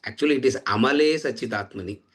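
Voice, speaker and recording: Male teacher, mid-pitched, measured lecture style, chants verses slowly. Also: breathy edge. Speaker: Vedanta teacher. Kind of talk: scripture lecture.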